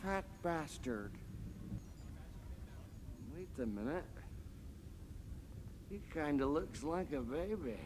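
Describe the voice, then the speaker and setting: A man's voice: a little high, animated, slow, pauses often. An actor playing a crude, gluttonous obese Scottish man in a comedy film, with a Scottish accent and a bellowing, crude manner. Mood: gloating. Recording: noisy film clip audio.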